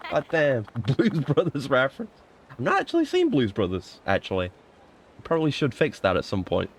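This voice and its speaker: A man's voice: medium pitch, huge pitch swings, moderate pace, slight background noise. A young man streaming a game, rambling and swearing in a self-mocking, casual commentary.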